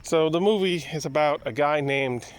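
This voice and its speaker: A man's voice: on the high side, normal speed, clear, resonant tone. A man giving a casual, rambling movie review full of restarts and asides.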